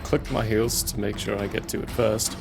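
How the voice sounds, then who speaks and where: Gravelly low-voiced man playing a tabletop game. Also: fairly even intonation, over music. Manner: deliberate, describing actions step by step. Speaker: player. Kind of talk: casual tabletop game chat.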